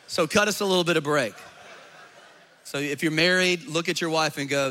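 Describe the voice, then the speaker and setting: High, bright-voiced male preacher. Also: a little slow, long pauses. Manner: jokey, emphatic preaching with rhetorical questions. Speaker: pastor. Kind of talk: sermon.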